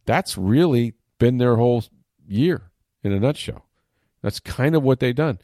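A man giving sports talk commentary as an analyst, animated and emphatic, mocking critics with repeated phrases. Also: medium pitch, measured pace, dry recording, studio quality. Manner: animated, mock-quoting critics, emphatic repetition.

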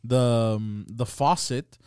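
A man chatting on a comedy podcast, talking hesitantly with many pauses and fillers. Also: medium pitch, darkish tone, clear, resonant tone, no echo, studio quality. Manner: hesitant, halting, lots of fillers. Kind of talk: casual comedy podcast chat.

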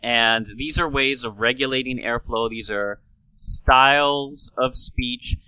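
Bright-voiced man explaining speech sounds. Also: mid-range voice, slow pace, clear, resonant tone, no echo, rough recording. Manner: playful, slips into an old-timey radio announcer voice. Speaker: host explaining speech science. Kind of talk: casual explanatory talk.

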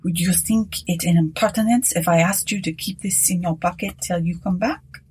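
A woman doing a quiet old missionary priest. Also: fairly low pitch, fairly even intonation, moderate pace, slightly rough. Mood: quiet, grave. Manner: quiet, soft-spoken.

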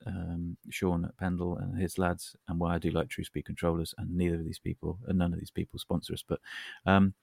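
A man's voice: sits low, monotone, a little fast, gravelly, a little mellow, no echo, clean studio sound. A man co-hosting a casual podcast chat, talking in a wry, rambling, self-deprecating way. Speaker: podcast co-host.

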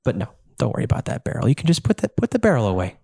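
A game master putting on a contemptuous male villain in a blue robe, cursing and giving orders with sharp rises in pitch. He sneers at everyone and mocks them. A tabletop role-play voice. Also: sing-song, rapid-fire, creaky, husky, full character voice. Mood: mocking.

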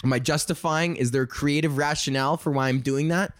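A young man hosting a casual solo podcast, rambling and swearing as he pitches ideas and laughs at his own jokes. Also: fairly even intonation, fairly quick, no echo, clean studio sound. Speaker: podcast host.

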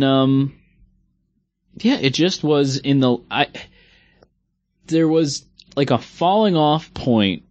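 Brief: mid-pitched man, laid-back co-host, dry close sound, dull lo-fi. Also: a little mellow, no room sound. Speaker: podcast co-host. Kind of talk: casual chat.

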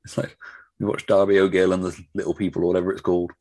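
Low-voiced laid-back podcast co-host. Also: male voice, level tone, racing, darkish tone. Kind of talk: casual film podcast chat.

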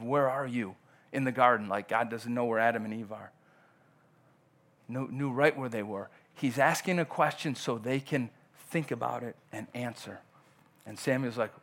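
A man's voice: mid-range voice, a bit bright. A male pastor delivering a conversational sermon in church, often acting out quoted dialogue.

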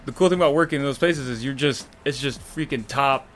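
A man's voice: mid-range voice, fast. A man in casual conversation, agreeable, often answering with short affirmations. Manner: agreeable, short backchannel replies. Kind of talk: casual chat.

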